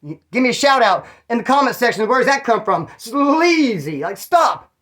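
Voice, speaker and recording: A man's voice: extremely high pitch, sing-song, moderate pace, a bit bright. A man from California casually telling prison stories, in a profane, slangy, rambling way with restarts. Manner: mimics others in quoted voices. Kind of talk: casual storytelling.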